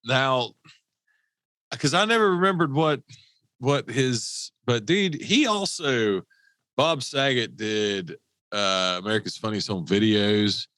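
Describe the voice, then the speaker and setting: A man's voice: medium pitch, lively intonation, slow pace, a bit bright, no room sound. A man co-hosting a podcast in casual chat, blunt and rambling, swearing often. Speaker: podcast co-host.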